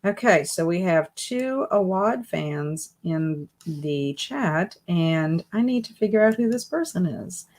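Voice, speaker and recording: Lady doing a chill book livestream, lowish voice, just chatting w her viewers. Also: animated, slow, hardly any pauses, darkish tone. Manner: chatty, reads viewer comments aloud and answers them. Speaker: booktube live stream host. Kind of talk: casual live-stream chat. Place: home office with bookcases.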